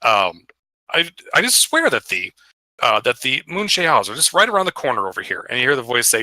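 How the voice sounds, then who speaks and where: A man's voice: mid-range voice, sing-song, brisk, sharp tone, dry recording, rough recording. A man narrating as dungeon master over voice chat, casual and hesitant, with many fillers. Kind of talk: narrating a tabletop game. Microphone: headset or desk mic on voice chat.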